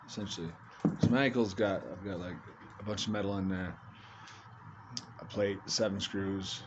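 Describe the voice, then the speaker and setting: A man telling a rambling comic true story in casual talk, cursing and laughing as he goes. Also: fairly low pitch. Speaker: storyteller doing comedy shorts. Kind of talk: casual spoken anecdote. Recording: dull lo-fi with faint room noise.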